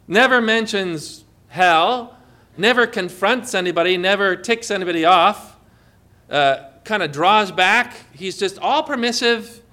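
A man's voice: sits high, unhurried, pushed and bright. A man preaching a sermon as pastor, emphatic and often putting questions to the congregation.

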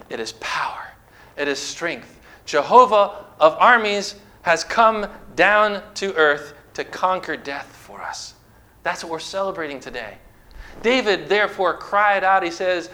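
A man's voice: on the high side, unhurried, pushed and bright. A man preaching a sermon, reading scripture aloud and delivering it emphatically.

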